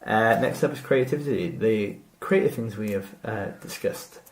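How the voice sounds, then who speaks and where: A man's voice: lowish voice, moderate pace. A man co-hosting a podcast, talking casually with a rambling, hesitant delivery and many fillers. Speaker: podcast co-host. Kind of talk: casual chat. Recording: echoey room.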